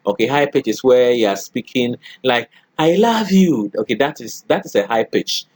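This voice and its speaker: A man's voice: medium pitch, brisk, no room sound. A middle-aged man lecturing a college class, often checking in with "okay" and "all right" and acting out spoken examples.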